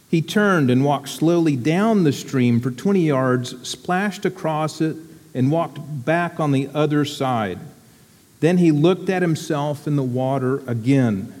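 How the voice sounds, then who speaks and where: A man giving a sermon to his church community in a reflective, unhurried, deliberate way. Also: on the high side, a little mellow, in a large hall.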